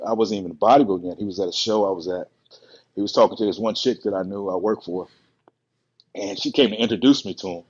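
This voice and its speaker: A man who is a bodybuilder and podcast guest, telling stories in a relaxed, rambling way and acting out the quotes. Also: fairly low pitch, breathy edge. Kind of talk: casual storytelling on a podcast. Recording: muffled lo-fi podcast audio.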